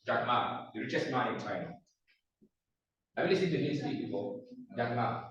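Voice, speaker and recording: A man's voice: medium pitch, animated, moderate pace, a bit bright, slight background noise. A man with a Nigerian English accent teaching public speaking to a live class. He talks emphatically, repeats phrases and quizzes the audience. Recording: echoey, distant, dull room recording.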